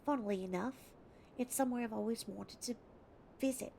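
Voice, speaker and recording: Kind Australian woman in her thirties writing a letter, as played by a woman in a put-on Australian accent, earnest and heartfelt, with a very gravelly, creaky voice. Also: a little high, fairly quick, warm tone, slight background noise.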